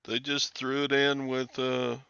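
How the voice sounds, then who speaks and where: A man chatting casually in a laid-back, halting way on a dull lo-fi recording. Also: medium pitch, level tone, creaky, pushed and bright, clean tone, no echo. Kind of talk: casual chat.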